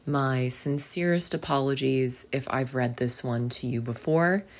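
Very deep-voiced woman reading slowly. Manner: unhurried, reflective, conversational. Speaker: podcast host reading poems. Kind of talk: poetry reading with reflective commentary.

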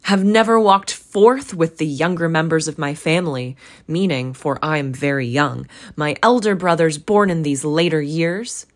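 A woman voicing a jolly, hearty male giant spirit who speaks loudly and grandly. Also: sits low, moderate pace, lightly acted. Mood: jovial, grand. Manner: hearty, loud, commanding.

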